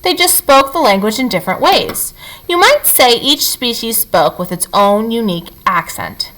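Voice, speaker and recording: Expressive woman reading a story aloud. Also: a little high, moderate pace, a little hiss or hum, low-quality recording. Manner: expressive, animated. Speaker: reader.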